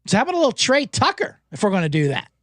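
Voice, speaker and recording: A man hosting a sports betting show, talking casually and telling anecdotes with quick character voices. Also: high voice, no echo, clean studio sound. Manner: animated storyteller, doing quick voices in anecdotes.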